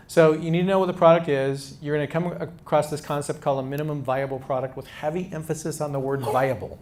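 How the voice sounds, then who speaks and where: A man's voice: mid-range voice, a little mellow, a little hiss or hum. A man mentoring startup founders in a casual, conversational talk to a live audience, with frequent restarts.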